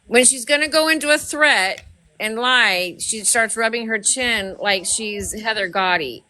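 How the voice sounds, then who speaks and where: A woman's voice: on the high side, measured pace, bright, forceful tone. A woman hosting a casual group chat, gossiping and laughing often.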